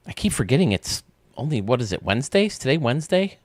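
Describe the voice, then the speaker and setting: A man's voice: medium pitch, very animated, quick pace, no echo. A man hosting a live stream, chatting casually and ranting bluntly, often restarting his sentences.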